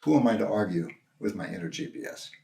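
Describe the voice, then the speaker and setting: Older guy minister telling a story in a sermon, easygoing and halting, echoey church room. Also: fairly low pitch, animated, vocal fry. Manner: conversational, gentle, halting with restarts. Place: church sanctuary. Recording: roomy echo.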